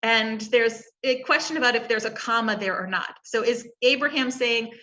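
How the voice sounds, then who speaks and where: A woman rabbi talks through scripture on a panel, retelling the story and posing questions to think over. Her voice sits a little high and sounds bright and forceful. The recording is dull and lo-fi. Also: normal speed, hardly any pauses.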